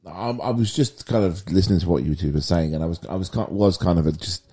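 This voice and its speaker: A man chatting on a podcast, measured and a little wry. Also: low-pitched, dark tone, breathy edge. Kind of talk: casual chat.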